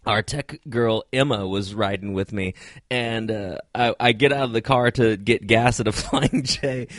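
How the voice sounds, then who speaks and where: A man's voice: on the low side, a little slow, no room sound, studio quality. A man co-hosting a casual podcast, telling a long funny story and laughing through it. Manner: animated storyteller, laughs through his stories, yells quoted lines. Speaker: podcast co-host.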